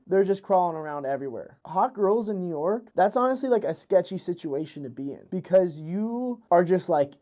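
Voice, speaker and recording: A man's voice: on the high side, dark tone. A young man hosting a podcast, rambling through a crude comedic monologue with lots of fillers and restarts. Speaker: podcast host. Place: New York City.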